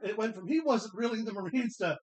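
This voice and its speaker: Excitable high-voiced man swearing through banter. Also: fast talker, highs cut off. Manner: excitable, swears a lot, laughs often. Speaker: co-host of wrestling watch-along. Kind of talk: casual profane banter.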